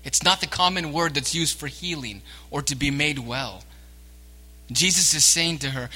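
A man preaching a sermon as pastor, swinging between hushed words and emphatic lines. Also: a little high, moderate pace. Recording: long reverb of a church hall.

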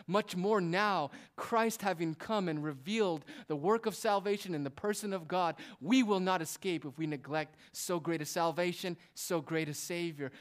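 A man preaching a sermon, asking rhetorical questions and dropping in casual asides as he explains the text. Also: on the high side. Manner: emphatic, rhetorical questions, shifts between loud and hushed delivery.

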